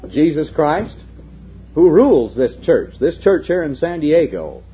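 Lively lo-fi preacher, rhetorical questions. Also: male voice, on the high side, unhurried, slightly rough. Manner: rhetorical questions, swings from loud to hushed. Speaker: minister preaching to a congregation. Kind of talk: sermon.

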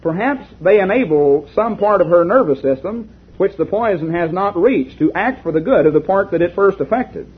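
A man's voice: high voice, animated, moderate pace, breathy edge. A man preaching a sermon, reading a story aloud and asking the congregation rhetorical questions. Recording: lo-fi tinny recording.

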